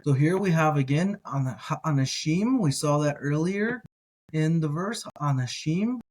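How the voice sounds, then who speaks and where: A man teaching a slow reading lesson in Hebrew, repeating each word several times and correcting himself as he goes. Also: fairly high pitch, lively intonation, darkish tone. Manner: careful, self-correcting.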